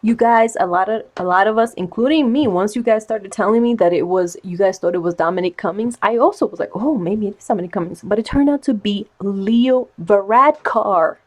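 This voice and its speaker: A woman's voice: medium pitch, moderate pace, few pauses. A woman tarot and cup reader talking in a casual vlog, insistent and getting worked up, repeating herself for emphasis. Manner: excited, insistent, gets worked up.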